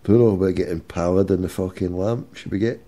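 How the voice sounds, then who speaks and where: A man's voice: sits low, fast, mellow. A man with a Glasgow accent hosting, teasing and swearing in casual banter with a caller. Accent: Scottish, Glasgow. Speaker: host. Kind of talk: casual chat.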